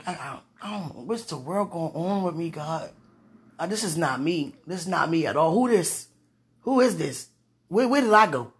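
Low-voiced young woman, dramatic and sighing. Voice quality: swings between murmurs and loud outbursts. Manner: dramatic, sighing, muttering pleas to God. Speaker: vlogger. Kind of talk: casual confessional chat to viewers. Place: in bed.

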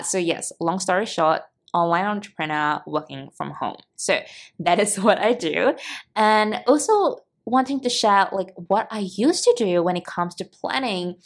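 A woman's voice: fairly low pitch, gravelly. Chatty upbeat woman from Singapore. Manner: chatty and upbeat, with frequent fillers. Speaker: podcast host and business coach. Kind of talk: casual solo podcast talk.

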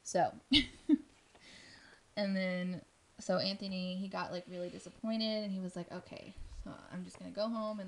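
A woman's voice: medium pitch, level tone, unhurried. A woman casually telling a spooky story on a podcast, rambling with lots of ums and likes.

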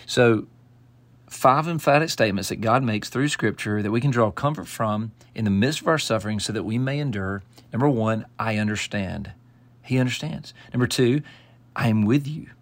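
A man's voice: on the low side, moderate pace. A man giving devotional Bible teaching, earnest and emphatic, quoting scripture and often restarting phrases. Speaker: pastor.

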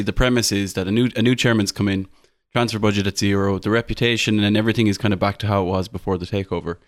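Irish male co-host, low and dry, chatty and meandering. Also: no room sound. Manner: rambling, self-correcting, many ums. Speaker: podcast co-host, streamer. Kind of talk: casual chat.

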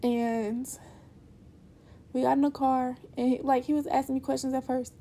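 A woman's voice: high-pitched, little pitch movement, normal speed, mellow. A young woman telling a personal story in a candid, rambling way, full of fillers.

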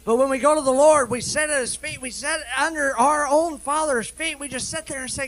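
A high-pitched man delivers a sermon as a minister, lively and animated. He rattles off quick asides, then slows right down to read scripture with weighty emphasis. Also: rough recording. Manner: animated preaching, swings between quick asides and slow emphatic scripture reading.

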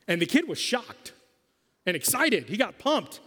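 A man's voice: extremely high pitch, big pitch swings, moderate pace, a bit bright. A man preaching a sermon as pastor, emphatic and quizzing his congregation in a church hall. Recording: long hall reverb.

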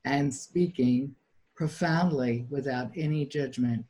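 A man chatting casually, adding quick explanatory asides. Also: mid-range voice, dark tone. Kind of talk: casual chat.

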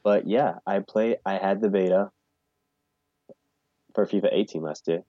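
A man's voice: low voice, steady tone, measured pace, no echo, lo-fi sound. A man co-hosting a podcast, chatting casually and rambling about video game releases. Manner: casual, rambling, mock-formal announcer bits. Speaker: podcast co-host. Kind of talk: casual gaming chat.

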